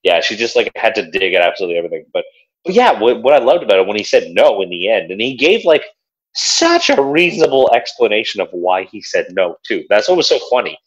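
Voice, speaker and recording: A man's voice: on the low side, very animated, quick pace. A young man co-hosting a podcast, chatting casually and acting out quotes from a reality show. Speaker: podcast co-host. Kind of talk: casual chat. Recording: dull lo-fi sound.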